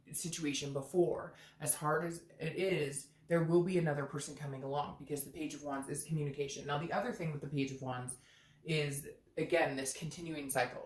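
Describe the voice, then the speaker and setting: A woman's voice: deep voice, reverberant. A woman giving a casual, earnest tarot reading to camera, chatty and thinking aloud with many fillers. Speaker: tarot reader.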